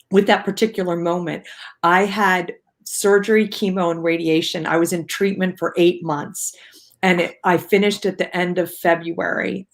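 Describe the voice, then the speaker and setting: A woman guest on a video-call talk show, telling her story in a lively way and acting out her own cries and quotes. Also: fairly low pitch. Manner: animated, acts out her own shouts and quotes. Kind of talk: casual storytelling interview.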